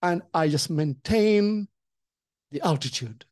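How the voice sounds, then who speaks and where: A pastor sharing a testimony in a podcast conversation, animated and acting out the voices in the story. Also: mid-range voice, takes it slowly, no echo, studio quality. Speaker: pastor and co-host.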